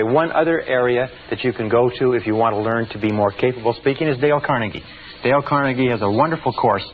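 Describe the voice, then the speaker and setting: A man giving a motivational seminar talk, emphatic and repeating phrases with shifting stress. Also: medium pitch. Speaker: seminar speaker. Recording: tinny, phone-like with faint noise.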